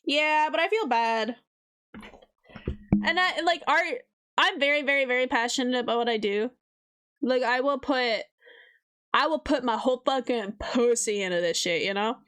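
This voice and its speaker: A woman's voice: high-pitched, normal speed, pauses often, fairly bright tone, clear, resonant tone. A young woman streaming live as an artist, chatting casually in a blunt, profane way and often mimicking people. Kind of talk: casual livestream chat.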